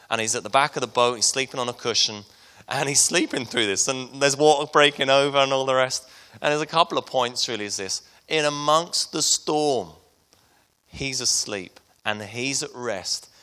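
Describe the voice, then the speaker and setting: A man preaching a sermon to his congregation, retelling a Bible story and then speaking softly and personally to the listeners. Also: mid-range voice. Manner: storytelling preacher, soft and intimate at the close. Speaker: pastor.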